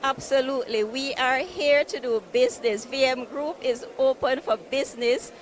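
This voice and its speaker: A woman representing a building society at a conference marketplace booth, pitching savings and mortgages in an upbeat, persuasive way. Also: fairly even intonation, moderate pace. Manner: upbeat, persuasive, repeats easy and convenient. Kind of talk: sales pitch at an expo booth. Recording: noisy conference floor.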